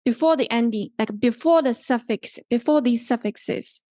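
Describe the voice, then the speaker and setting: A woman's voice: fairly high pitch, moderate pace, dark tone, dry recording. A woman instructor giving a pronunciation workshop lecture. She repeats the example words and keeps checking in with "right?" and "okay?". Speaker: English language instructor.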